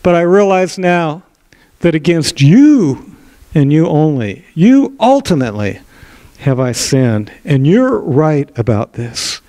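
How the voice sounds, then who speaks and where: A man's voice: a little high, big pitch swings, mellow, exaggerated voice. A preacher voicing a broken king pleading with God. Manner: slow, raised, pleading delivery.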